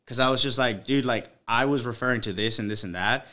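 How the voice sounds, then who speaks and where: Male guest in his twenties, relaxed conversational delivery, mid-pitched voice. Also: fast talker. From El Salvador, raised in the US. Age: 20s. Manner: relaxed, says "like" a lot. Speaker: guest, radio host. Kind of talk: casual podcast interview.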